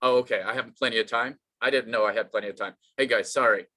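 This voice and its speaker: A man's voice: medium pitch, fairly even intonation, quick pace, pushed and bright. A man doing an online stand-up comedy set, rambling and self-deprecating, with many fillers and restarts.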